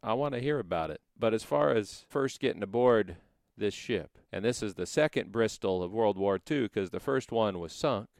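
Smooth low-voiced male interviewer. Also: animated, moderate pace, darkish tone, no room sound, studio quality. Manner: attentive, prompting with follow-up questions. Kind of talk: oral history interview.

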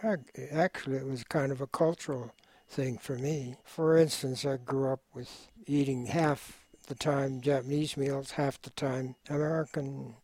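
A man's voice: mid-range voice, steady tone, darkish tone, breathy edge, dry recording. Older man, war veteran, hesitant and reflective, dry sound. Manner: measured, reflective, hesitant with fillers. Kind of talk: oral history interview.

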